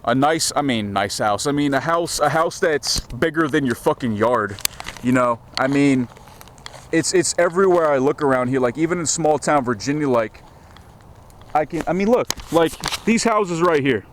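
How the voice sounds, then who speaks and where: On a small-town street outdoors, an American man vlogs casually into a handheld camera, launching into a rambling, profane, stammering rant. His voice sits on the high side and is expressive, moving at a normal speed. A little hiss or hum is audible in the recording.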